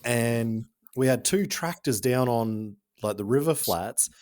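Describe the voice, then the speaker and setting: A man with an Australian accent hosting a podcast, telling stories in a chatty, joking and animated way. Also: mid-range voice, slow pace, dry recording, studio quality. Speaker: podcast host. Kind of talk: casual chat.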